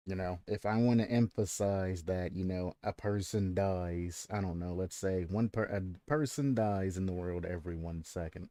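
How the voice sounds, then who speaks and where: A man's voice: low-pitched, normal speed, dark tone, no echo, studio quality. A man hosting a stream, ranting at length with plenty of swearing and repeating himself as he makes his point. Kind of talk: casual ranting stream commentary.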